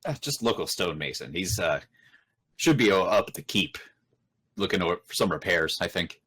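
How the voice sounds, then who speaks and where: A man voicing Rudd, a calm and polite townsman who speaks in a measured way. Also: sits low, breathy edge, full character voice, rough recording. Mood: reassuring. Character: Rudd, a calm adult male townsman leader.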